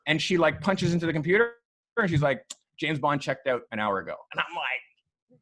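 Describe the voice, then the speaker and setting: A man with a slightly high voice tells a long story casually. He is animated, swears freely and acts out the voices of the people he talks about. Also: moderate pace. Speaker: photographer guest. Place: podcast studio.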